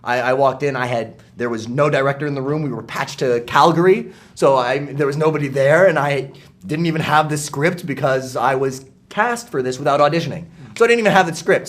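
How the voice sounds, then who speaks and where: A man with a voice sitting a little above the usual, talking casually as an interview guest. He tells anecdotes with energy and slips into quick voices for the people he quotes. His tone is easygoing and conversational. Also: a little high. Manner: lively anecdotal storyteller, acts out quoted dialogue. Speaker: voice actor guest.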